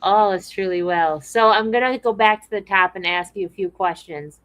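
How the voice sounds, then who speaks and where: A woman co-hosting a podcast, chatting in a relaxed way and reading viewer comments aloud. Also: mid-range voice, normal speed, low-quality recording. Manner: relaxed and conversational, with frequent restarts. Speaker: podcast co-host.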